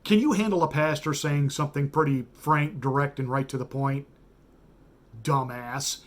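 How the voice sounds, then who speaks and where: A man's voice: mid-range voice, normal speed. A man, a pastor hosting a radio show, giving a blunt, sarcastic political monologue with emphatic repetition.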